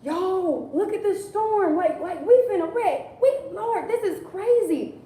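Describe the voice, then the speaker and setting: Panicking men caught in a storm cry out in frantic slang, as a woman preacher acts them out. The voice sits high and mellow. It echoes from a distant mic in a roomy space. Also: lively intonation, unhurried. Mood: panicky. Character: panicking male disciples in a storm boat.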